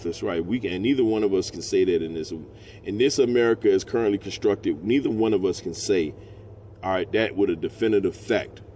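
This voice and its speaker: Slangy low-voiced preacher man. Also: darkish tone, slight background noise. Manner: reads verses slowly then riffs in slangy asides. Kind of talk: scripture teaching with street talk.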